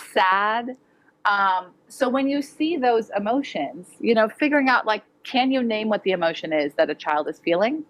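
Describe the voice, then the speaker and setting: A woman's voice: mid-range voice, poor audio. A middle-aged woman educator giving a conference talk to parents, plain and direct in a chatty way. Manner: direct, conversational, uses fillers like "like". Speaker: educator presenter. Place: conference hall.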